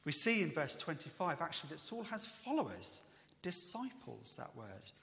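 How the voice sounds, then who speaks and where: A man preaching a sermon in a lively storytelling way, with bits of humour. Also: a little high, normal speed, creaky, long reverb tail.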